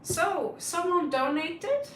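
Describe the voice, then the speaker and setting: Slow-talking woman, bright, roomy sound. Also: very high-pitched, big pitch swings, distant mic, slight background noise. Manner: chatty, greets viewers by name, rambling. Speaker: tarot reader hosting a live stream. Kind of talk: casual live-stream chat. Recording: roomy, set back from the mic.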